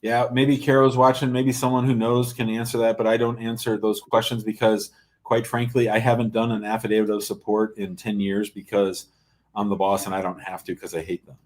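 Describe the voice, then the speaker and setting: A man's voice: on the low side, level tone, a little fast, darkish tone. A middle-aged man hosting a live call-in show as an immigration lawyer, blunt and joking as he reads out viewer comments. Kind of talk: casual live-stream chat.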